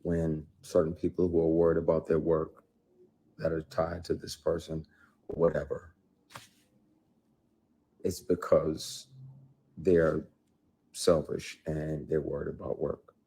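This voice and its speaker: A man's voice: rumbling low, level tone, slow, long pauses, warm tone, husky. A man, an actor, giving emphatic and blunt testimony in an interview, swearing freely as he talks.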